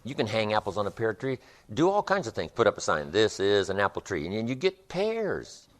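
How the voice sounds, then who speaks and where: A man's voice: lowish voice, huge pitch swings, fairly quick. A man giving a live motivational seminar, speaking emphatically with rhythmic repetitions and storytelling. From United States.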